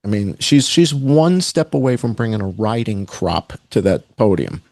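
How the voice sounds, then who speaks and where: Sarcastic man with a gravelly voice. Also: lowish voice, normal speed, darkish tone, no room sound. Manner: sarcastic, rambling, mocking asides. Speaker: podcast guest. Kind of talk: casual conspiratorial chat.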